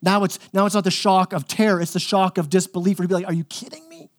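Male pastor, higher register, conversational and emphatic sermon delivery with frequent repetition. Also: flat delivery, fast. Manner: conversational and emphatic, repeats words when pressing a point.

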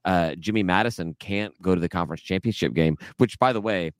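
A man's voice: low-pitched, fairly quick, dry recording, studio quality. A man from Memphis co-hosting a sports podcast in casual chat, rambling and restarting his sentences. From Memphis, Tennessee. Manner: rambling, repeats and restarts words. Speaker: podcast co-host.

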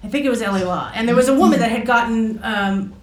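Halting woman in an echoey room. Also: fairly high pitch, distant mic. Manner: halting, many fillers and restarts. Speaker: guest recounting a personal experience. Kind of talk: personal storytelling.

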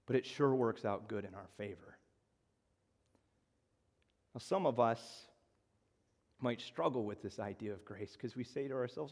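Man preaching a sermon, gets loud then goes quiet and slow, big church hall echo. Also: medium pitch. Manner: rises loud for emphasis, drops soft and slow for appeals. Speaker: pastor.

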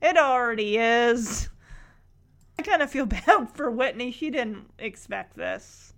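A woman's voice: on the high side, expressive, slow pace, creaky, noisy background. A woman chatting casually as she recaps a show, acting out lines from its scenes.

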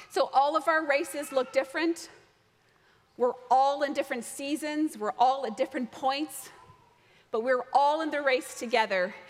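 A woman leading a lively children's talk in church, animated with the kids. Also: high-pitched. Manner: animated, shouting out a count. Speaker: children's message leader. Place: church sanctuary. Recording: reverberant church hall.

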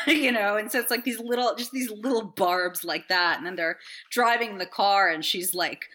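A woman with a bright, sharp voice chats casually on a podcast. She rambles enthusiastically, swears freely, and often breaks into laughter. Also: mid-range voice, moderate pace, hardly any pauses. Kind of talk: casual chat.

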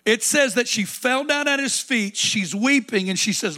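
Male preacher, high pitch, bright tone, dramatic sermon delivery with loud and hushed swings. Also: expressive, normal speed.

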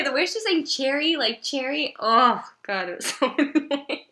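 A woman co-hosting a podcast in casual chat, animated and swearing, acting out quotes. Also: high voice, normal speed, roomy sound, background noise. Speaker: podcast co-host.

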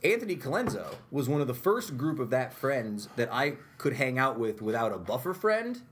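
A man's voice: mid-range voice, big pitch swings, normal speed, fairly bright tone, a little hiss or hum. A man hosting a casual podcast chat, loose and joking, with a lot of filler words. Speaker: podcast host.

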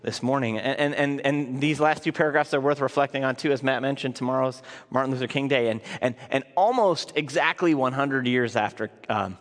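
A man's voice: mid-range voice, brisk, few pauses. A man preaching a sermon in a church sanctuary, talking in an earnest, conversational way. He stumbles and restarts his phrases as he goes. His mid-range voice carries a long reverb from the large hall. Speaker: pastor.

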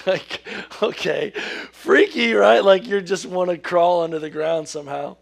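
A man giving a sermon, who reads scripture slowly and then talks casually, laughing at his own corny jokes. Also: fairly high pitch, steady tone, gravelly. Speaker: preacher. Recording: podcast recording of a live sermon.

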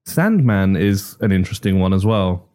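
A man's voice: low-pitched, lively intonation, normal speed, dark tone. A man co-hosting a casual podcast chat about comic book films, joking wryly. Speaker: podcast co-host.

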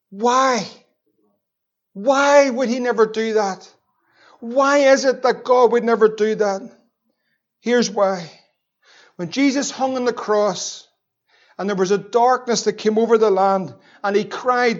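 A male pastor, preaching a sermon with passion, his voice rising to shouts on key lines. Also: high-pitched, normal speed, lo-fi sound.

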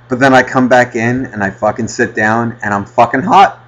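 A male podcast host telling a profane, ranting story in casual chat with a husky voice. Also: mid-range voice, fairly even intonation, normal speed, a bit bright, muffled recording.

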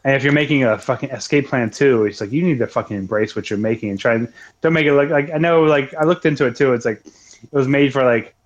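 A man's voice: medium pitch, fast talker, lo-fi sound. A young man co-hosting a podcast, talking casually in a rambling way with many restarts. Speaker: podcast co-host. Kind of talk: casual chat.

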